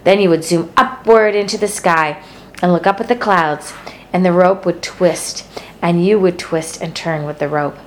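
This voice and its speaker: A woman reading a children's novel aloud as narrator, with a steady, gentle delivery. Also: on the low side, normal speed, a little hiss or hum. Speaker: storybook narrator.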